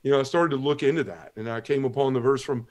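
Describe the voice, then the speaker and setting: A middle-aged man tells a personal testimony on a podcast. He speaks earnestly and emotionally, his voice often sinking low and quiet. His pitch sits in an ordinary middle range. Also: fast talker. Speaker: podcast guest. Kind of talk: testimony storytelling.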